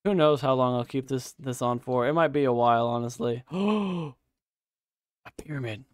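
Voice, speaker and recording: Smooth-voiced man streaming a game. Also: medium pitch, fairly even intonation, fairly quick, dry recording, clean studio sound. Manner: chatty and profane, talks to himself and the game. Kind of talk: casual live gaming commentary.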